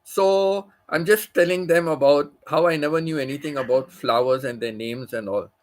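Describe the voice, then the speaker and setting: A man's voice: fairly high pitch, normal speed. A man, a livestream host, telling a long personal story in casual chat, full of "you know" and restarts. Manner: rambling, many fillers like "you know".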